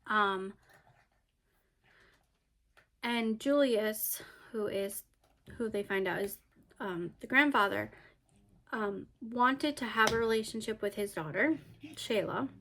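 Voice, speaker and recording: A woman's voice: medium pitch, unhurried, fairly bright tone. A woman giving a casual book review, retelling the plot in a chatty way with many fillers and restarts.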